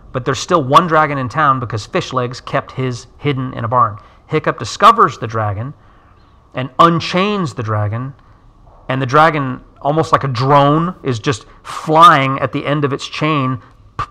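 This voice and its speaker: Middle-aged man, interview guest, very bright tone, animated storyteller who pops into character voices. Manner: acts out characters' lines with big pitch jumps.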